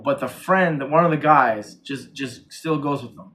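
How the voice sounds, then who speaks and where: A man's voice: mid-range voice, normal speed, fairly bright tone. A man co-hosting a casual horror movie review, retelling scenes in a rambling way and acting out the characters' lines. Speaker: podcast co-host.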